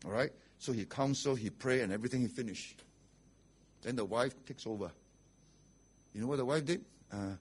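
A man's voice: medium pitch, moderate pace, long pauses, slightly rough. A man preaching a sermon as pastor, blunt and rhetorical, often asking "okay?" and "right?".

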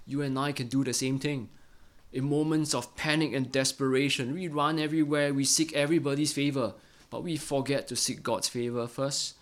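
A middle-aged man preaching a Bible-study sermon in an earnest way, often ending phrases with a quick "right?". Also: fairly high pitch. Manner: earnest, ends many phrases with a tag question "right?".

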